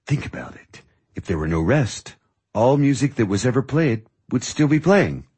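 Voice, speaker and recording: A man voicing a patient, teasing music teacher in measured audiobook dialogue. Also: medium pitch, sing-song, darkish tone, breathy edge. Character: calm, wry male music teacher. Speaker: music mentor.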